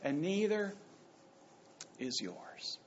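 A male pastor preaching a sermon, swinging between hushed lines and loud bursts and acting out the quotes. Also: on the high side, very animated, very slow, slight background noise. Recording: dull lo-fi sound.

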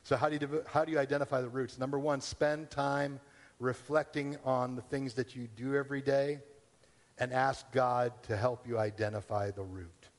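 A man's voice: mid-range voice, steady tone, moderate pace, in a large hall. A man pastor giving a conversational sermon, acting out the questions people ask themselves. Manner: conversational preaching with acted-out inner questions.

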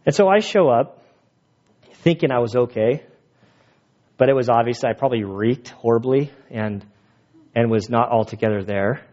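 A man preaching a sermon and telling his own stories in an animated, jokey way, laughing at his own stories. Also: mid-range voice, normal speed, long pauses, dull audio. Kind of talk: sermon with personal storytelling.

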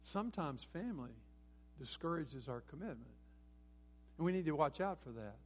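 A man's voice: on the high side, expressive, moderate pace, a little hiss or hum. A man preaching a sermon as pastor, earnest and rising to emphatic peaks, with frequent restarts. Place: church sanctuary.

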